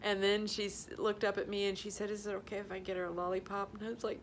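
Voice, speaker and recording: Talking fast in a medium-pitched voice with little pitch movement, a middle-aged vlogger recounts a story from school. She's emotional throughout, laughing and tearing up, and performs the voices of anyone she quotes in this casual vlog.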